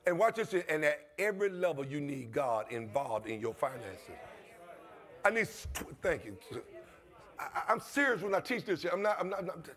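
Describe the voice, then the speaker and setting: A man's voice: a little high, big pitch swings, moderate pace, fairly bright tone. A man pastor, preaching a passionate sermon in his church with call-and-response and repetition. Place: church sanctuary.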